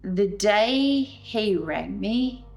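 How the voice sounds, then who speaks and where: Woman, documentary testimony, mid pitch, emotional re-telling, faint music behind. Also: lively intonation, very slow, gravelly, a little mellow. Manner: emotional, re-enacting scenes with rising voice. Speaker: veteran's wife telling her story. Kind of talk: documentary interview.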